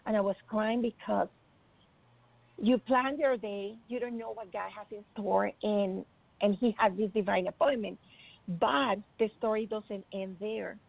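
Gravelly woman telling an emotional testimony. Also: medium pitch, steady tone, measured pace. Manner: earnest, emotional, acts out quoted voices. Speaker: speaker sharing a personal faith testimony. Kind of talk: emotional faith testimony storytelling. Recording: tinny phone-like dry sound.

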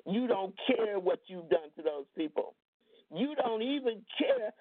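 A woman deliverance minister telling a testimony in an emphatic, drawling preaching style, with a gravelly voice. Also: medium pitch, no echo. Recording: tinny phone-like line, dry.

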